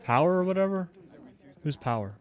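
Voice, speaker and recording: A man streaming a game and making loud, offhand remarks. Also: sits high, sing-song, brisk, clear, resonant tone. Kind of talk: casual gaming commentary.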